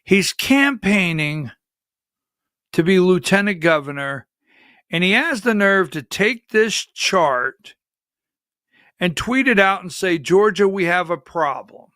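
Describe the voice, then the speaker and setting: A man's voice: high-pitched, lively intonation, slow, bright, forceful tone, dry recording, clean studio sound. A man hosting a live political commentary show, agitated and exasperated, calling out instructions to his producer between remarks. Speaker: political talk show host.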